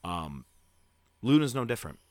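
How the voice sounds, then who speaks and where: A man's voice: on the low side, sing-song, normal speed, no echo. A man hosting a podcast, chatting casually and rambling through a story with lots of fillers. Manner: grows loud and hyped toward a segment tease. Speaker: podcast host. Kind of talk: casual chat.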